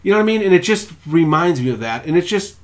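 A fast-talking young man with a high-pitched voice co-hosts a laid-back podcast. Swearing freely, he tells stories with energy and acts out what others said.

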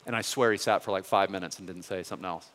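A man's voice: deep voice, rapid-fire, a bit bright. Earnest male pastor in a reverberant hall. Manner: earnest, conversational, rising with emphasis on questions. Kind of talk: sermon.

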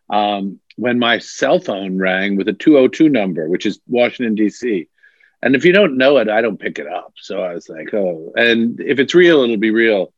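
Animated storytelling bishop, dry muffled sound. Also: male voice, on the low side, no echo. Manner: animated storyteller, laughs often, self-mocking. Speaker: bishop, interview guest. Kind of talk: casual storytelling in an interview.

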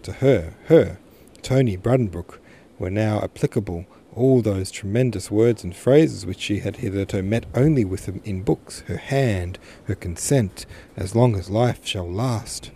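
A man narrating a classic novel in a measured reading, now and then correcting himself. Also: on the low side, vocal fry, mellow, a little hiss or hum. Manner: measured, with occasional self-corrections. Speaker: podcast host and reader.

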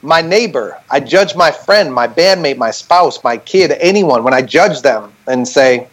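Animated man explaining on a call. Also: a little high, unhurried, rough recording. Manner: animated, talks things through with many "right?" checks. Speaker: band member on a group call. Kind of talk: casual explanatory chat. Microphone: remote call.

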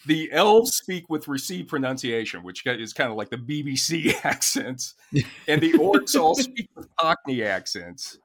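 A man's voice: mid-range voice, wildly swooping pitch, measured pace, fairly bright tone. An American man co-hosting a podcast in casual chat, chuckling often as he explains things. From United States. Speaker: podcast co-host.

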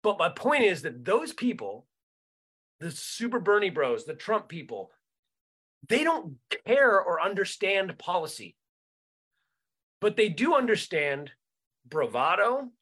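A man's voice: high voice, sing-song, a little slow, pauses often, fairly bright tone, husky. A man co-hosting a comedy podcast in a casual political rant, cursing freely and restarting his sentences while he hunts for words. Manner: profane, repeats words while searching for them, restarts often.

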